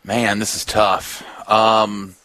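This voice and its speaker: A man's voice: lowish voice, flat delivery, drawn-out words, bright, forceful tone, dry recording, low-quality recording. A man on a radio show, cracking jokes and playing a quiz game in casual chat. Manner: wisecracking, playful.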